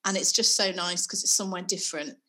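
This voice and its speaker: A woman's voice: on the low side, steady tone, fast talker, pushed and bright, breathy edge. A woman co-hosting a podcast, chatting casually and laughing at herself as she talks. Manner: chatty, laughing, self-mocking. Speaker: podcast co-host. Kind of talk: casual chat.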